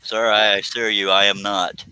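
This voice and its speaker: Male stream host, bright, joking, reads chat aloud, close dry mic. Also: fairly low pitch, flat delivery, normal speed, clean tone, no room sound, low-quality recording. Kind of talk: casual live stream chat.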